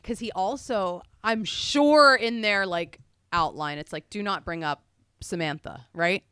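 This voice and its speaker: A woman co-hosting a comedy podcast over a video call, telling a story in a casual, animated way and acting out the quotes. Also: mid-range voice, a little slow, clean tone, no room sound, clean studio sound. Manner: animated, acts out quotes in shifting voices. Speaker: podcast co-host and impressionist. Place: home setup on a video call.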